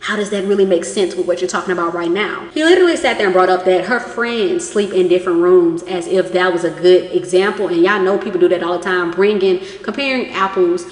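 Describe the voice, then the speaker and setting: Woman, casual recap chatter, acts out quotes, mid pitch, roomy echo with long reverb. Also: a little fast, few pauses. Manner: chatty, reenacts quotes from the show. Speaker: reality TV recap vlogger. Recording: echoey room with long reverb.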